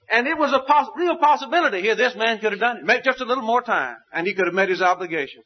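A man's voice: animated, quick pace, hardly any pauses, slightly rough, muffled recording. Folksy, emphatic man preaching a sermon. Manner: folksy, emphatic storytelling with wide swings in pitch.

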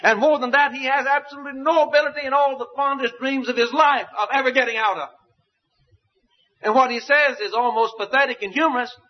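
A man preaching a sermon, telling a parable in a folksy, emphatic way with wide swings in pitch. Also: fairly even intonation, quick pace, dull audio.

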